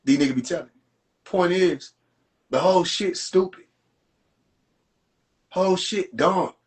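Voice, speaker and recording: A man ranting and mocking in a profane, animated rant to a live audience, streamed from a phone. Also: high voice, a little slow. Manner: animated, profane, rants and mocks. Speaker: livestream host. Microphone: phone livestream.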